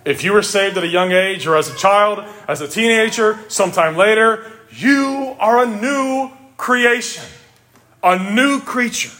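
A middle-aged male pastor preaching a sermon, earnest and emphatic, rising to exclamations and dropping low for quiet reflective asides. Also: measured pace.

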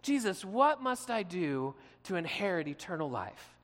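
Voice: mid-range voice, big pitch swings, unhurried, big-room sound. A preacher acting out a pouting rich young man. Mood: petulant. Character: proud young rich man who pouts.

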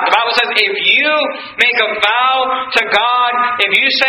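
A high-voiced man preaches a sermon, reading scripture aloud and acting out the voices he quotes. He sounds far from the microphone, in a roomy church with echo and steady background noise. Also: moderate pace. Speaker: pastor. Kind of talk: expository sermon.

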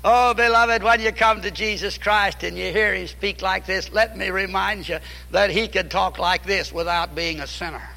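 High, bright-voiced preacher in a hall. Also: male voice, steady tone, normal speed, creaky, hardly any pauses. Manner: emphatic, repeats key phrases. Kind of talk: fiery sermon.

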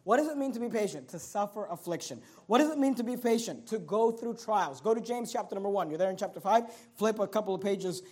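A man preaching a sermon with emphasis, swinging between loud, rising lines and low, quiet drops, often repeating words. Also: expressive, fast talker, hardly any pauses, breathy edge. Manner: emphatic, rising to near shouts and dropping low.

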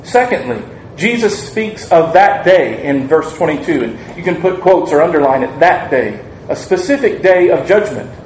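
Guy preaching a sermon, fairly high voice, big echoey church sound. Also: animated, moderate pace, a little mellow. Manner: earnest preaching with rhetorical questions and acted-out quotes. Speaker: pastor. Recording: echoey room, faint ambient noise.

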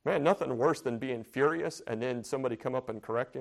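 A man's voice: mid-range voice, fast talker, gravelly. Earnest man teaching a Bible study. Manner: earnest, repeats phrases, asks the room questions. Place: church Bible study class.

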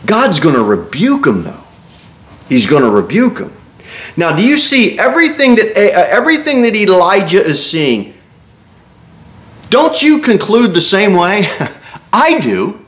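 A man's voice: high voice, unhurried. A man preaching an expository sermon in a church, reading scripture aloud and acting out the speakers he quotes. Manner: animated preaching, reads scripture aloud and acts out quoted speech. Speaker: pastor. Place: church sanctuary.

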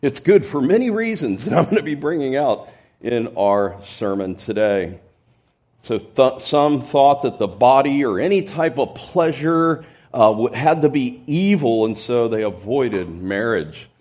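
A pastor preaching an expository sermon in church, explaining scripture and stressing key words with sudden emphasis. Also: male voice, mid-range voice, expressive, unhurried, darkish tone.

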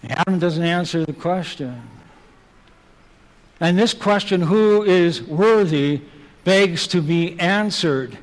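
A man's voice: fairly high pitch, takes it slowly, pauses often. A man preaching a sermon, driving his points home with emphatic rhetorical questions. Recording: long hall reverb.

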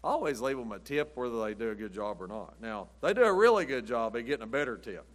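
A man's voice: medium pitch, very animated, quick pace. A middle-aged man preaching a chatty sermon, telling rambling stories and laughing at his own jokes. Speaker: pastor. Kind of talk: folksy storytelling sermon.

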